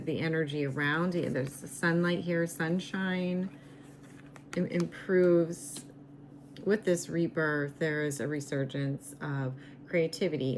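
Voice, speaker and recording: A woman reading tarot cards in a slow, musing way, her voice going raspy as she loses it. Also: sits low, a little hiss or hum. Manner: slow, musing, repeats herself. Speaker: tarot reader.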